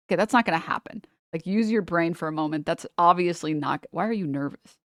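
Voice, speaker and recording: A woman livestreamer chatting casually with her viewers and reading chat, rambling and animated, laughing often and swearing freely. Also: lowish voice, fast, no echo, clean studio sound.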